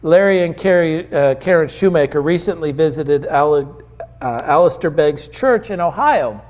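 A man's voice: on the high side, lively intonation, moderate pace, a little mellow. A male preacher giving a sermon in an earnest, conversational storytelling manner.

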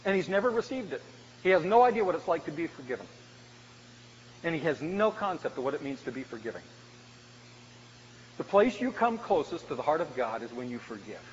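A man preaching a sermon as a pastor, swinging from loud emphatic lines to hushed, quiet ones. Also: a little high, very animated, a little fast, pauses often. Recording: dull, lo-fi church recording with long reverb and faint noise.

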